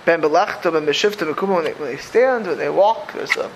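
A man teaching a Torah class, animated, with many restarts and repeated words. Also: on the high side, quick pace, a little hiss or hum, low-quality recording. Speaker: religious teacher.

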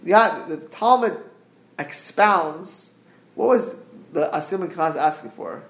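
A man giving a Torah class over a group call, earnest and halting, quoting Hebrew verses and translating them. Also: a little high, expressive, fairly bright tone, reverberant. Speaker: Torah teacher. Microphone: group call line.

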